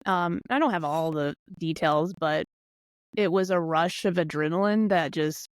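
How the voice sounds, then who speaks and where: A woman from the eastern United States chats casually as a podcast guest, laughing often. Her voice is low-pitched at normal speed, with clean studio sound and no room sound.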